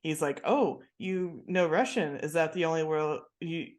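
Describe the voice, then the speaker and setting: A woman's voice: low-pitched, a little slow, a little mellow. A woman co-hosting a podcast, chatting casually and swearing freely as she recaps a TV episode. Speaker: podcast co-host.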